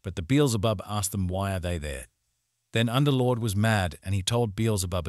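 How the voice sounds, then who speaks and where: A man's voice: fairly low pitch, normal speed, a little mellow, no room sound, clean studio sound. A man narrating a story recap, retelling events in plain reported speech.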